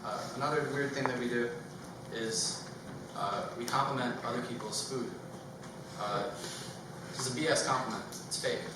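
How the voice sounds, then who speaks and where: A man performing a stand-up routine on a comedy stage, nervous and halting, filling pauses with ums and uhs. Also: medium pitch. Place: comedy stage before a live audience. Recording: echoey room from far off, loud background noise.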